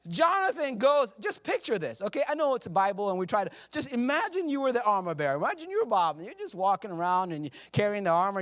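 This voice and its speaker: Joking high-voiced pastor preaching. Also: male voice, a bit bright. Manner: joking, conversational, laughs at himself. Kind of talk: humorous sermon. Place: church sanctuary.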